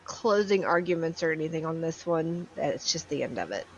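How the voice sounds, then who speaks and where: A woman's voice: sits low, expressive, normal speed, dull audio, a little hiss or hum. A woman co-hosting a casual podcast, retelling a court case with a blunt manner and casual swearing. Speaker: co-host.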